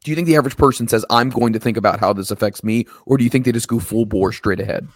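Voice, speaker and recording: A middle-aged man asks pointed questions and lays out his reasoning in casual wrestling talk. His voice sits at a middle pitch. The recording is dry and close, with no room sound. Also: rapid-fire, dry recording. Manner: probing, questioning, builds arguments. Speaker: podcast co-host.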